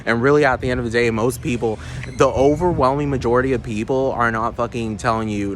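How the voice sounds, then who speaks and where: A man's voice: mid-range voice, brisk, a little hiss or hum. A man ranting to the camera in a profane, rambling vlog monologue, often asking the viewer if they understand. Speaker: vlogger.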